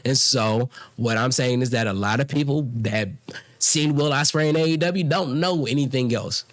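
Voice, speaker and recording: A man's voice: medium pitch, normal speed. A man, co-hosting a podcast and arguing his point hard, swearing and talking over the others. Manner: emphatic, argumentative, swears, talks over others. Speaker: podcast co-host. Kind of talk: heated casual debate.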